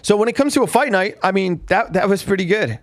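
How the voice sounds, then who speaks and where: A man's voice: high voice, expressive, quick pace, no echo, clean studio sound. A man hosting a casual fight recap podcast, telling rambling backstage stories with many restarts and fillers. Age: adult with a father. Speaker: podcast host. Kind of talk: casual chat.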